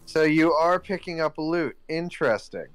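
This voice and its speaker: A man's voice: a little high, expressive, moderate pace, clear, resonant tone. A man in casual gaming banter, dry and sarcastic, teasing his friend. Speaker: gamer co-streaming.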